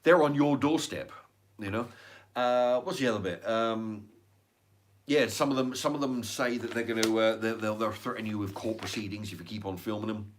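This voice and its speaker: A man's voice: fairly low pitch, normal speed. An English man, middle-aged, ranting in a rambling casual monologue full of restarts and swearing. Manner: rambling, swears a lot, many restarts and fillers. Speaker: channel host.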